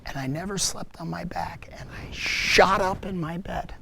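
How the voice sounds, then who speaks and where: A man giving a personal testimony to a parents group, telling his story earnestly and reflectively, with halting restarts. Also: high voice, gravelly, background noise.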